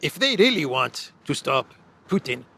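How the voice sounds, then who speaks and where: A man mocking a halting foreign president. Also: on the high side, very animated, creaky, sharp tone, slightly rough, exaggerated voice. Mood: pleading. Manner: emphatic, broken phrasing with drawn-out "eh". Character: foreign male president, halting accented English.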